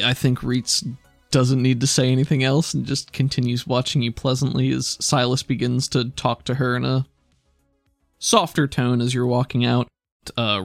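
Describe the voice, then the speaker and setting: A man narrating as game master in a relaxed, rambling way. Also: mid-range voice, creaky, no room sound, studio quality.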